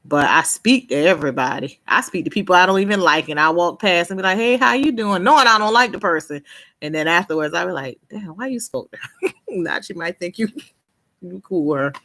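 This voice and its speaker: This streamer's voice leans low and sharp, and she talks fairly quickly. She chats casually, laughs a lot, and names viewers as she reads and answers their comments, often dropping sentences and beginning again.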